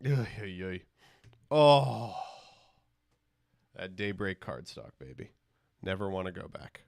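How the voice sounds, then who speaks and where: A man's voice: deep voice, expressive, slow, gravelly, a little mellow, no echo, clean studio sound. A man live-streaming as he opens trading cards, rambling and joking crudely with his chat.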